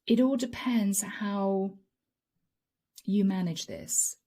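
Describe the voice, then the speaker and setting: A woman giving a channeled tarot reading, speaking slowly and softly, sometimes dropping into a whisper. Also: medium pitch, animated. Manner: slow, soft, drawn-out delivery with whispered asides. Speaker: tarot reader.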